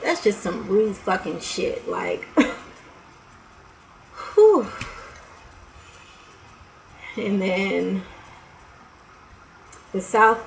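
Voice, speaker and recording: Gravelly-voiced woman ranting. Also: mid-range voice, slight background noise, poor audio. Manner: heated, profane and blunt, with laughs and sighs. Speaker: vlogger. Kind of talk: casual on-camera rant.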